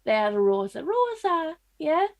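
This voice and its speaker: Female co-host, playful banter, slightly high register. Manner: chatty, quick to laugh, playful. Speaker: podcast co-host. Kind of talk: casual chat.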